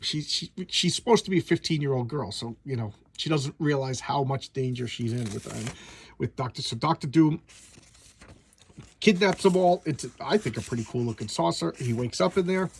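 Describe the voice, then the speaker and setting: A man's voice: medium pitch, animated, normal speed, creaky, slight background noise. A man reviewing an old comic book in a casual, blunt, rambling way, often restarting his sentences.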